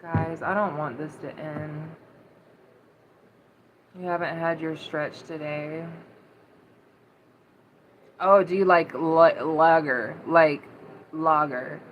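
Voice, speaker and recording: A young woman talks unhurriedly to her livestream viewers, answering their comments in a chatty, emotional way full of "like" fillers. Her voice sits a little low, and faint room ambience hums behind her on the phone or webcam recording. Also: steady tone, takes it slowly, pauses often, highs cut off, a little hiss or hum. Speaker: livestream host. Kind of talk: casual livestream chat reading comments.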